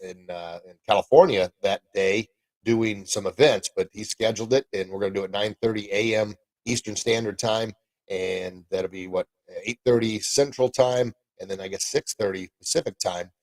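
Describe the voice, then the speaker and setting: A man's voice: lowish voice, moderate pace, no echo, rough recording. A middle-aged man hosting a podcast and live stream in a casual, upbeat, rambling way, full of folksy exclamations. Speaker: podcast host and martial arts coach.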